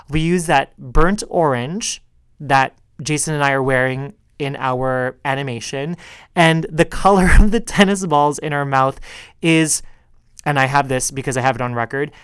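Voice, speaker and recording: A man's voice: on the high side, a bit bright, clear, resonant tone, no echo. A man hosting a tennis podcast on his own, chatting in a sassy, playful way. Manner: sassy, chatty, calls listeners girl. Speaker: podcast host. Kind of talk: casual solo tennis podcast chat.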